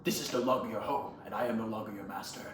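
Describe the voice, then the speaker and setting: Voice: medium pitch, quick pace, roomy sound, a little hiss or hum, voice pushed down, natural voice. A performer voicing a bitter, vengeful male snow leopard warrior who hurls accusations. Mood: menacing. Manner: shouting accusations.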